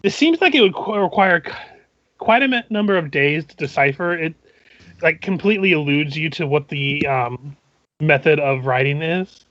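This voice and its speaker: Halting male game master, dry sound. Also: on the high side, expressive, a bit bright, no echo, dull audio. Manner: halting, methodical scene description. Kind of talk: narrating a tabletop game.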